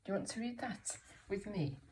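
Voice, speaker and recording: A woman teacher reading a picture book aloud to young children, slow and encouraging, asking them questions. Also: mid-range voice, expressive, a little mellow, far from the mic, slight background noise. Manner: slow, encouraging, asks questions and puts on voices for characters. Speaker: primary school teacher.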